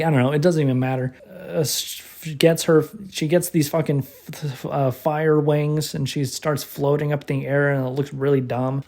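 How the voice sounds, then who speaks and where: A man retells a film's plot in a loose, rambling way, swearing constantly and stumbling over restarts. His voice sits a bit high but sounds soft and mellow. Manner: profane, rambling, many restarts and fillers; laughs while retelling. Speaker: movie reviewer. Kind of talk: casual rambling movie recap.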